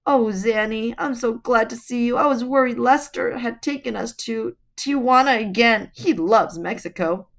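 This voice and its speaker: A raspy, blunt old woman from a storybook reading, voiced by a woman reader, sounding gruff and bossy. She talks a little higher than an everyday speaking voice, scolding anyone in earshot. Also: normal speed, few pauses. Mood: gruff chatter. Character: short stout elderly woman riding a giant goose, bossy and gruff.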